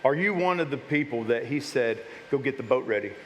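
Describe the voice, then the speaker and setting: A man's voice: medium pitch, expressive, brisk, a little hiss or hum. A man preaching a casual, conversational sermon to his church, often repeating and restarting his words. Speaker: pastor. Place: church sanctuary. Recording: long hall reverb.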